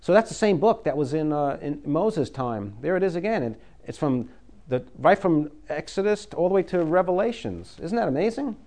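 A man's voice: fairly high pitch, big pitch swings, moderate pace, warm tone. A man preaching a sermon, folksy and conversational, reading scripture and pressing his listeners with urgent emphasis.

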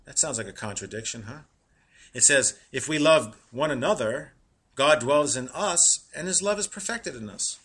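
Male preacher, middle-aged, husky edge, bright tone, slows down to read verses. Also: medium pitch. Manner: animated, laughing at his own jokes, slowing to read verses. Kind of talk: sermon.

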